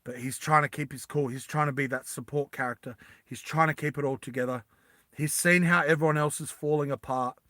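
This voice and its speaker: A man casually retelling an adventure story in a rambling, animated way with many fillers. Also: a little high, a little fast, no room sound, clean studio sound.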